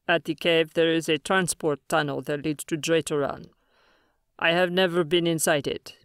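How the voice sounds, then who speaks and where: A woman voicing a tall, solemn female alien leader who speaks slowly and formally in an audiobook. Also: sits low, no room sound, clean studio sound. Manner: slow, grave and formal. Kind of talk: audiobook character voice.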